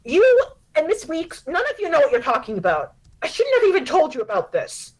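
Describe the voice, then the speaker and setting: A woman's voice: high-pitched, animated, measured pace, pitched above the performer's own voice, rough recording. A woman voicing an emotional teenage girl who pleads and gets defensive, as part of a tabletop role-play. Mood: angry. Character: upset teenage girl obsessed with myths.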